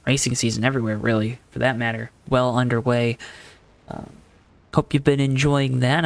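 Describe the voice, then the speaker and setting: A man calling a simulated stock car race in a calm, relaxed announcer voice, mixing play-by-play with easy chat. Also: medium pitch, vocal fry. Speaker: sim racing commentator. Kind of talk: play-by-play commentary.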